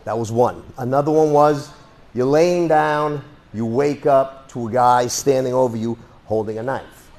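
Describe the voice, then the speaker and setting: A man's voice: mid-range voice, a little slow, darkish tone, soft background music. A man teaching a self-defense class in a casual, rambling way, with sarcastic asides. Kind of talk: casual live class talk.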